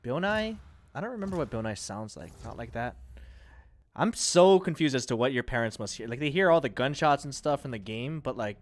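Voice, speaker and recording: A man's voice: medium pitch, lively intonation. A man streaming a shooter game, chatting casually and joking with friends on a call. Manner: joking, playful, quick banter.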